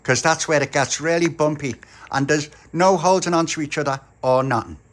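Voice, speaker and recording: A man's voice: a little high, normal speed, natural voice. Fields: Figure: bossy boy toy voiced by a man. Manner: bossy, insistent. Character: bossy boy toy who makes up strict rules.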